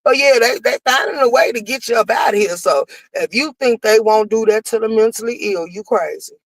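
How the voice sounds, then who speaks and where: A woman's voice: fairly high pitch, fairly quick, dry recording, poor audio. Blunt woman livestreamer, dry close sound. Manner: blunt, talks back to chat comments. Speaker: livestream commentary host. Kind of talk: casual livestream commentary.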